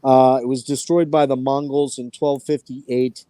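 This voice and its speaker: A man hosting an online talk show, telling stories in an animated way and swearing freely. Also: mid-range voice, a little slow, no echo. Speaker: podcast host. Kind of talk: casual chat.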